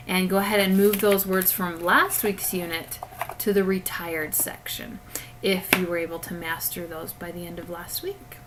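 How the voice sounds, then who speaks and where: A woman's voice: mid-range voice, a bit bright, slight background noise, rough recording. A woman teacher giving a recorded spelling lesson to children, patiently explaining each step through a webcam.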